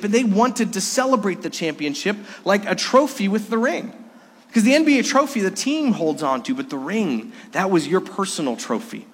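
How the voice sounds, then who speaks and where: A man's voice: high voice, a bit bright. A man preaching a sermon during a Sunday service, talking conversationally, with restarts and storytelling asides. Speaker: pastor. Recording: long reverb of a church sanctuary.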